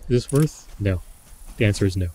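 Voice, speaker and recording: Guy mulling over his game moves out loud, lowish voice, soft mellow tone, faint hiss behind. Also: animated, fairly quick. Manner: musing, talks himself through choices. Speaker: gameplay commentator. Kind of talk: casual gameplay commentary.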